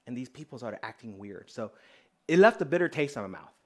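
A man preaching as a pastor, telling a personal story in an animated way and acting out the dialogue. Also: medium pitch, brisk. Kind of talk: storytelling sermon.

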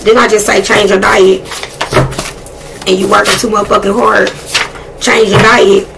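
A woman giving a casual tarot reading, blunt and excitable, swearing freely as she talks to spirit. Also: medium pitch, moderate pace, creaky, very noisy. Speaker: tarot reader.

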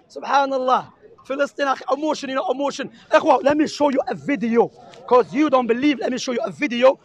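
A man with a very high voice and Arabic-accented English preaches in a public park, locked in a heated debate with a crowd. He's impassioned and insistent and keeps repeating himself.

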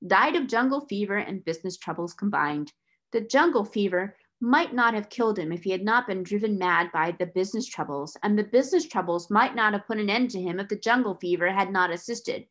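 A woman's voice: medium pitch, lively intonation, fairly quick, a bit bright. A woman doing a brusque little lawyer. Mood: grim. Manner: curt, snappish, critical. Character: brusque, dry little male solicitor.

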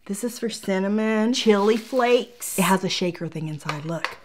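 A woman's voice: medium pitch, normal speed, a little hiss or hum. Gushing chatty woman reviewing products. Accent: Southern American slips in. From Puerto Rico. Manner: gushing, chatty, talks straight to viewers. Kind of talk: casual product review vlog.

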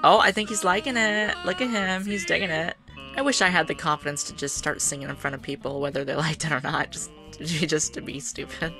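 A woman hosting a life-sim game video, chatting casually as she plays, excitable and teasing, often laughing and cheering. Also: low-pitched, fairly quick, music in the background. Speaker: gaming channel host.

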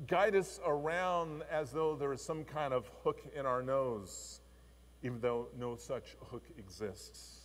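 A male pastor giving a sermon, telling a story in an expressive, animated way. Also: medium pitch. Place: church. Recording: long church reverb.

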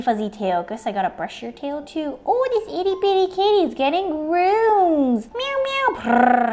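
Woman, toy unboxing host; high, very lively delivery, full of silly sound effects. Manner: playful, punning, makes sound effects and animal noises. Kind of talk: playful toy unboxing narration.

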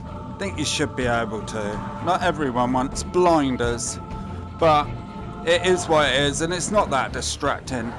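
A man narrates his gameplay in an unhurried, chatty way and drops casual swear words. His voice sits a little high, and clear game music plays behind him. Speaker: gameplay commentator.

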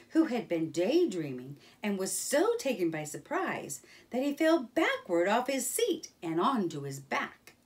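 Slow, expressive woman reading a story. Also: fairly low pitch. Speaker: storybook reader. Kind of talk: reading a children's book aloud.

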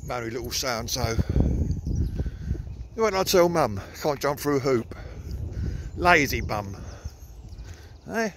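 A man's voice: mid-range voice, animated, slow pace, pauses often, noisy background. An Englishman giving a casual running commentary outdoors in the countryside while coaxing his dog along. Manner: chatty, coaxing the dog in a sing-song voice. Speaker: vlogger walking his dog. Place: outdoors in countryside with old trees.

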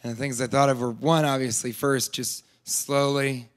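A man doing a stand-up comedy set, deadpan with rambling asides, audience laughing. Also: mid-range voice, normal speed.

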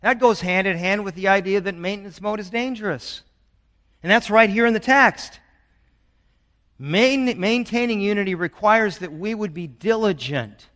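A man's voice: high voice, normal speed, fairly bright tone. Earnest man preaching in a reverberant church. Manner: earnest, building urgency with storytelling. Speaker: pastor. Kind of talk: sermon. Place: church sanctuary.

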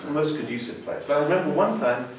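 Speaking fast in a slightly high voice, an English-accented church member shares his testimony. He pokes fun at himself as he narrates, imitating the voices of those in his story. Noise runs in the background, and the echoey room is picked up from afar.

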